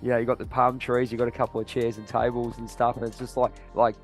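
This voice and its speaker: A man's voice: mid-range voice, little pitch movement, fast, soft background music. A man with an Australian accent hosting a podcast, rambling and searching for words, calling people "mate". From Western Australia. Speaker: podcast host. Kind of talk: casual interview chat.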